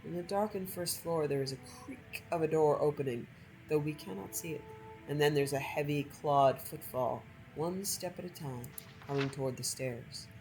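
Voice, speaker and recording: A woman gameplay streamer reading a story aloud from a game in a measured, expressive way. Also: low-pitched, over music, low-quality recording.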